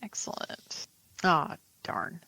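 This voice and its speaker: A woman's voice: takes it slowly, bright, forceful tone, dry recording. A woman taking part as a player in a tabletop game, tossing in joking asides. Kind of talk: casual tabletop game play.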